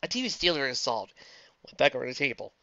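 A woman reading a fan fiction story aloud as narrator, in a plain, steady reading voice. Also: very deep voice, brisk, no echo, muffled recording.

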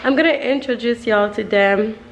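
Chatty young woman vlogging, slightly high voice. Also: normal speed, gravelly, slight background noise, poor audio. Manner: rambling, chatty, says "y'all" often. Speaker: beauty vlogger. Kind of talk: casual vlog chat.

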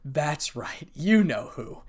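A man voicing a bitter young man who coldly confronts friends who betrayed him and breaks into angry shouting. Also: a little high, very animated, slow pace, full character voice. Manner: cold and scornful, bursting into shouting.

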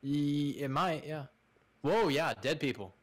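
A man's voice: fairly high pitch, slow. A man playing a game alongside a streamer, teasing his friend, swearing and laughing often. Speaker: co-player. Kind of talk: casual gaming stream chat.

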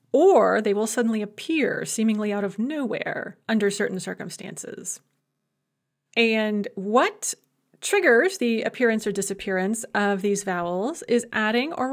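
A woman giving a recorded university language lecture, patiently explaining grammar with examples and light humorous asides. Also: on the high side. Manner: patient, explanatory, gives example words then translations.

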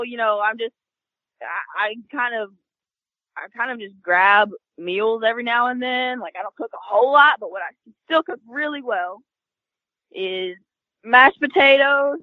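A woman's voice: medium pitch, no room sound, narrow, tinny audio. A young woman from North Carolina with a Southern accent, chatting upbeat as an interview guest. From North Carolina, USA. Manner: chatty, upbeat, with many fillers. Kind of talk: casual interview chat.

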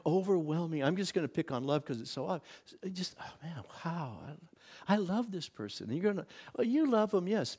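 A visiting pastor teaching a church workshop in a casual, conversational way, often acting out little exclamations of wonder. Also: male voice, sits high, gravelly, a little mellow, breathy edge. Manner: conversational, many restarts and acted-out inner exclamations.

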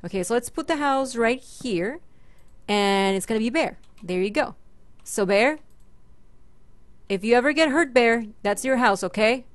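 A woman's voice: fairly high pitch, a little slow, long pauses, dry recording. A young woman chatting her way through a Minecraft let's play, talking to mobs and her pet and squealing when startled. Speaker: gaming channel host.

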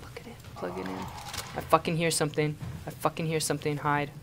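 A man's voice: on the high side, fairly even intonation, fast talker, vocal fry, noisy background. A young man from Canada playing a horror game and commenting in a panicky, swearing way, often repeating himself in frantic bursts. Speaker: gaming YouTuber.

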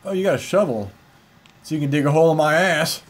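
A man's voice: on the high side, quick pace. A man wisecracking crudely while friends play a video game. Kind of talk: casual gaming banter.

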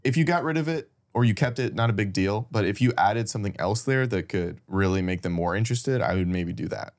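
A man's voice: fairly low pitch, a little fast. A man co-hosting a casual podcast chat, bluntly roasting and teasing his friend. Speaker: podcast co-host.

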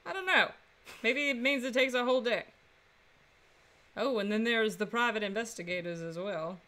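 A woman's voice: a little high, moderate pace, pushed and bright. A woman streaming a story game, chatting casually with playful, laughing asides.

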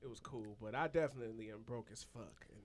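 A man co-hosting a podcast, chatting casually with deadpan, playful jokes. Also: on the low side, fast. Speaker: podcast co-host. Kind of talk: casual chat.

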